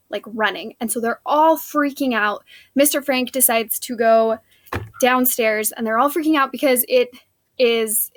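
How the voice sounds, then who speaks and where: A woman's voice: on the high side, no room sound. A woman teacher, recapping a play scene for her students in a casual, chatty way with many fillers.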